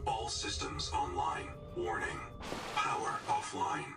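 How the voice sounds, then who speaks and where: A man voicing the calm computer system of an undersea base in a game, announcing status alerts flatly. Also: mid-range voice, takes it slowly, soft background music, full character voice.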